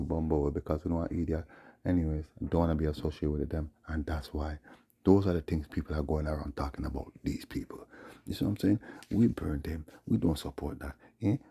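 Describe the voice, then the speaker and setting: A man's voice: extremely low pitch, fairly even intonation, brisk, gravelly, mellow, slightly rough. A man, ranting in a rambling, indignant monologue full of muttered asides. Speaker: vlogger.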